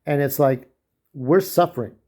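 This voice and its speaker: A young American man vlogs an angry, profane personal rant straight to camera in a slightly high, darkish voice at a moderate pace. He keeps repeating himself and restarting his sentences.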